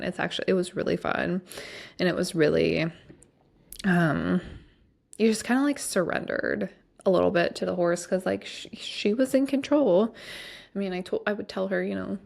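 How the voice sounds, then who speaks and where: Speaking a little slowly at medium pitch, with vocal fry and frequent pauses, a female solo podcast host rambles casually. Her talk is packed with fillers such as "like" and "um."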